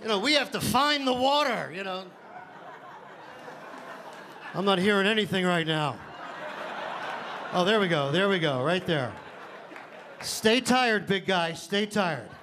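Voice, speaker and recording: A man's voice: high voice, lively intonation, moderate pace, crowd noise, background noise. A man doing a stand-up set on a comedy club stage, telling rambling, self-mocking stories that he keeps stumbling through.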